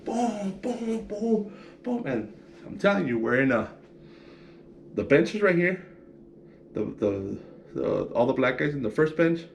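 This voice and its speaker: A man's voice: medium pitch, lively intonation, unhurried, gravelly, long pauses, slight background noise. A young man telling a prison story casually, acting out punches sound effects and swearing freely.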